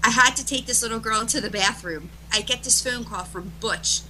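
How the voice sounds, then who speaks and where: A middle-aged woman, a guest being interviewed, telling stories emphatically and restarting her phrases as she rushes ahead. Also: a little high, pushed and bright, a little hiss or hum, low-quality recording. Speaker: interview guest, event organizer. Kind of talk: animated storytelling in conversation.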